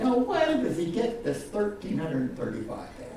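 A pastor preaches a sermon in a voice a touch higher than most men's, rising loud and falling soft again and again, often repeating his words. He is picked up from a distance, so the sound is heavily echoey. A faint room hum sits behind him. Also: wildly swooping pitch, moderate pace, hardly any pauses. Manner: preaching with wide swings in pitch and loudness, repeating words. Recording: echoey hall from far off.

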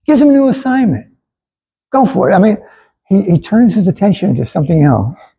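Earnest male preacher with a husky, mellow voice. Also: sits high, very animated, brisk, poor audio. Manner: earnest, stammering restarts, calls for congregation response. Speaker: pastor. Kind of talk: sermon.

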